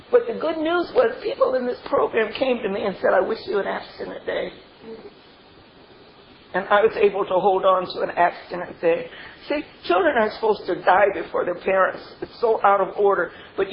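This is a brisk, creaky, mid-range voice belonging to an older woman recounting her recovery with real feeling. Laughter runs through her stories, as does a frequent "you know," all captured on a dull, faintly noisy lo-fi recording.

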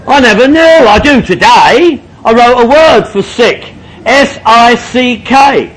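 High-voiced London man joking to a crowd. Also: a bit bright, slight background noise, low-quality recording. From northwest London. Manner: joking, repetitive rhetorical questions. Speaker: recovery meeting speaker. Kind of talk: speaking to an audience at a recovery meeting.

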